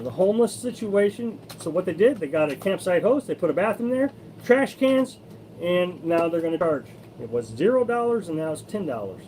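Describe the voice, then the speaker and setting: A man's voice: high voice, darkish tone, slight background noise, low-quality recording. A man from Missouri hosting a casual live stream about RV life, answering viewer comments in a rambling, opinionated way with many restarts. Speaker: host of a live-streamed RV living channel.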